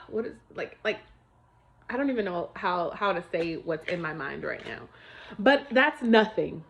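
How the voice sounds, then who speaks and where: Chatting with viewers from her home, a woman vlogger speaks emphatically about faith and money, offering a casual testimony and repeatedly calling them "y'all." Her lowish voice is animated and unhurried, with vocal fry and a fairly bright tone, though the recording is muffled.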